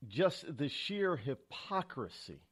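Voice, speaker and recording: On a live morning call-in radio show, a New England man with a high, breathy voice full of expression speaks slowly. He starts out chatty, then grows angry, rambling with plenty of fillers and false starts.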